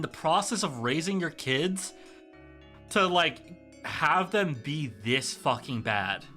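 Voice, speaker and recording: A man with a sore throat chats casually while streaming a story game. His voice is bright and full of fillers and curses. Faint music plays behind. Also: fairly high pitch, expressive, slow. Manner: chatty, filler-heavy, swears.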